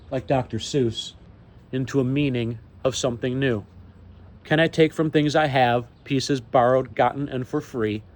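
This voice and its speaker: A man delivering an impassioned monologue to camera, proclaiming slowly and emphatically, swinging between loud declarations and hushed asides. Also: mid-range voice. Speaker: vlogger.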